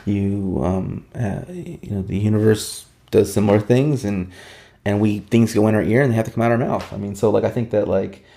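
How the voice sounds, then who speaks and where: A man, a poet and guest, talking in a reflective way with halting restarts. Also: fairly low pitch, creaky, mellow. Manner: rhythmic, profane spoken-word delivery; reflective, halting conversational talk with many restarts. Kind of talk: casual interview chat and spoken-word performance.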